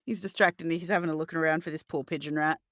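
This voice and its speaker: A woman narrating a tabletop game as game master, playful and quick to laugh. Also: low voice, fairly even intonation, a bit bright, no echo, clean studio sound.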